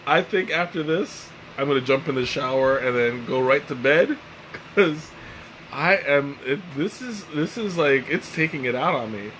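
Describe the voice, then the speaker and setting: A tired, relaxed man hosting a live tea-tasting stream, chatting casually and rambling with lots of fillers and restarts. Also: medium pitch, measured pace, a little hiss or hum, rough recording. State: tired and mellow. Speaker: tea livestream host.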